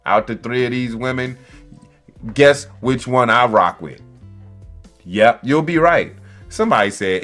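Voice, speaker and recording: A man doing casual commentary, loud and excitable, full of slang and jokey asides to his viewers while reading articles aloud. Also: medium pitch, slow, long pauses, soft background music. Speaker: commentary podcaster.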